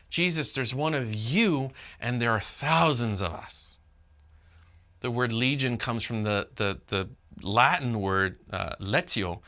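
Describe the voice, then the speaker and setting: A man preaching a sermon as pastor, animated and talking directly to his congregation. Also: mid-range voice. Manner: animated, talks to the congregation, acts out quotes.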